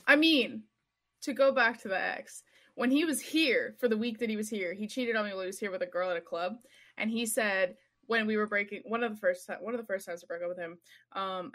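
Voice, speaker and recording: A woman's voice: mid-range voice, fairly quick, a bit bright. Young woman streamer from Montreal, blunt and chatty. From Montreal, Canada. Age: young adult. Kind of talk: casual chat.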